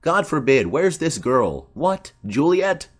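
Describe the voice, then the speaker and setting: A man's voice: on the high side, sing-song, slow, voice pushed up, full character voice. A man voicing a chatty, rambling old female nurse in an audiobook play reading. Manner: rambling, garrulous.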